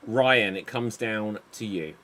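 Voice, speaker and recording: A man hosting an improv game, calling time and joking with wry, unhurried banter. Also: lowish voice, sharp tone. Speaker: improv show host.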